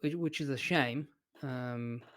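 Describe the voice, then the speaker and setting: Slow-speaking man. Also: medium pitch, fairly bright tone. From Italy. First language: Italian. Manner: thoughtful, hesitant, with many fillers. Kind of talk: casual interview chat.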